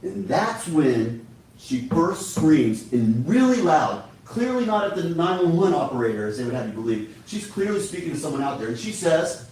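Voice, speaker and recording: A man's voice: on the high side, very animated, normal speed, darkish tone. A man giving a courtroom closing argument as prosecutor, speaking emphatically and persuasively, addressing the jury directly. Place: large courtroom. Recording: echoey courtroom from far off.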